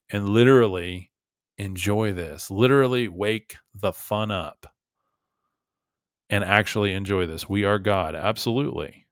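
A man's voice: on the low side, smooth, no echo, studio quality. A man hosting a podcast in a casual, emphatic monologue, often saying "like" and talking to his listeners as "guys". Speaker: podcast host.

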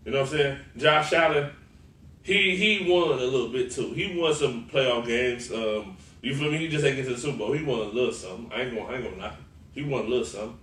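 A man co-hosting a podcast, talking football in a loose, animated, profane way and laughing often. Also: medium pitch, quick pace. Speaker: podcast co-host. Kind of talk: casual sports chat. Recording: roomy, far from the mic, faint noise.

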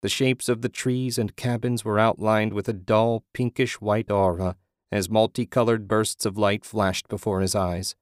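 A man narrating a horror story in a steady, measured reading. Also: on the low side, no room sound, clean studio sound.

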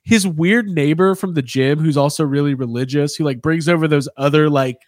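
A man co-hosting a film podcast in casual chat. He leads the talk in a relaxed, wry way. His voice is a touch high for a man, recorded close and dry. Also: brisk, no room sound. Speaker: podcast co-host.

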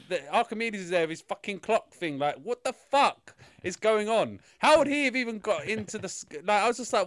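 A man's voice: sits high, expressive, fairly quick, few pauses, fairly bright tone, dry recording, clean studio sound. Sweary rambling man. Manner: rambling, sweary, exasperated ranting. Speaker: film reviewer. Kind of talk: casual podcast chat.

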